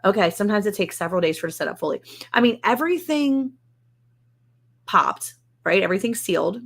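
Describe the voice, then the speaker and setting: A woman with a mid-range, gravelly voice talks in a brisk, animated way. She hosts a casual live ranch stream from indoors at home, answering viewers' comments with wry, self-mocking chatter.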